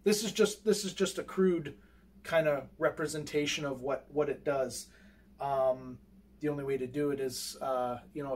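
A man's voice: mid-range voice, darkish tone. A man showing his own telescope gear in an unscripted how-to, rambling and hesitant, full of fillers and restarts while he handles the equipment. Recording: distant mic with faint background noise.

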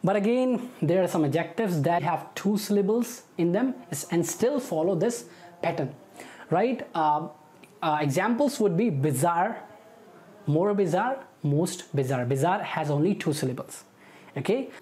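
Female English teacher, Indian English accent, lower mellow voice, patient explainer who keeps checking in with the viewer. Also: lively intonation, a little slow. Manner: explains patiently, repeats words, tags with okay and right. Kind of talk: online grammar lesson.

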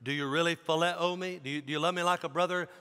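Jesus as a gentle, patient grown man, coaxing and soft-spoken, as a preacher voices him in his sermon. The voice is high and bright, with a long hall reverb. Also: fairly even intonation, quick pace, clear, resonant tone.

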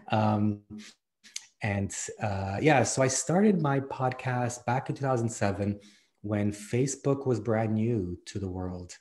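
A man's voice: fairly low pitch, a little mellow. A man from Canada, a guest in a casual interview, talking in an easygoing way and laughing often. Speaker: podcast host, guest.

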